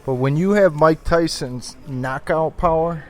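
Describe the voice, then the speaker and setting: A man's voice: on the high side, a little slow, a little mellow. A man co-hosting a casual podcast, joking around. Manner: joking, does impressions. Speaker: podcast co-host. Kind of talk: casual chat.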